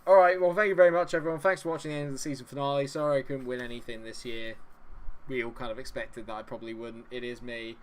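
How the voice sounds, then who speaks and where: A young man streams a game and keeps up a running, jokey chat with his viewers. His voice sits at an average pitch, and he laughs easily between remarks. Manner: chatty, jokey, laughs often, talks to chat.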